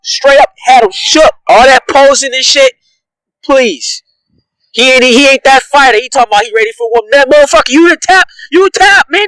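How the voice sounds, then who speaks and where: A high-pitched reaction vlogger rants through heated commentary, swearing freely and laughing often. The tone is bright and sharp, and the speaker hammers each point with short, repeated jabs. The recording is dry, with no room echo. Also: moderate pace. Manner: profane, ranting, laughs often; repetitive emphatic jabs.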